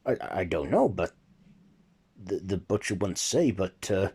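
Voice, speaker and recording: A humble, puzzled working father, as a man plays him, halting and stammering. His voice sits low and husky and moves slowly. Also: very animated, dark tone, full character voice. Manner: hesitant, stammering.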